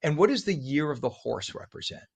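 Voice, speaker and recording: A man hosting a live morning show, reading traffic and chatting with a guest in a lively, chatty way, with a frog in his throat. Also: fairly high pitch, a little fast, vocal fry, husky. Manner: lively, chatty, apologetic asides. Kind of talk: live traffic report and interview.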